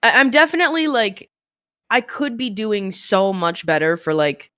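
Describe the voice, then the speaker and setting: A woman's voice: medium pitch, big pitch swings, moderate pace, a bit bright, no echo, clean studio sound. A woman streamer chatting candidly as an interview guest, rambling a little and laughing often. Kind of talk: casual interview chat.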